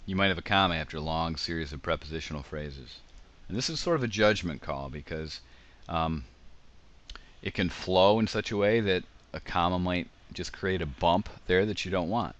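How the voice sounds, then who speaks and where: A man's voice: low voice, moderate pace, fairly bright tone. A man giving a casual grammar lecture over slides, explaining with examples and frequent ums. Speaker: teacher.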